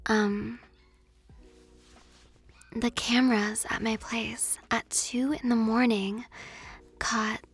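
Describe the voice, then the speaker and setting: A woman's voice: a little high, little pitch movement, takes it slowly, pauses often, slightly rough, faint music behind. Young woman whispering ASMR chat. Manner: rambling, giggly, with frequent ums. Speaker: ASMR channel host.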